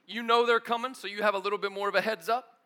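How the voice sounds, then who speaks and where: High, bright-voiced animated preacher. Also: male voice, fast. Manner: animated storytelling, acts out voices, casual slang. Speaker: pastor. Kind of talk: sermon.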